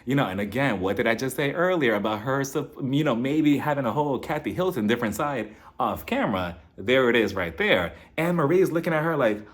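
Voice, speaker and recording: A man casually recapping a reality TV episode, animated and gossipy, laughing often as he retells the drama. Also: mid-range voice, brisk, few pauses.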